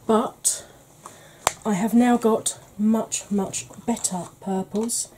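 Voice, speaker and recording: A woman chatting casually as a beauty vlogger, easygoing and quick to laugh, with the odd mild swear. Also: a little high, steady tone, noisy background. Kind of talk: casual makeup declutter chat.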